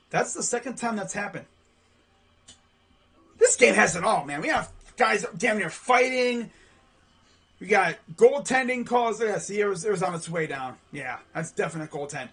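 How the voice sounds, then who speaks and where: Excitable high-pitched man calling basketball. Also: moderate pace, breathy edge. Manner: excitable, slangy, yells at missed shots. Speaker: play-by-play streamer. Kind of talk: live sports play-by-play reaction.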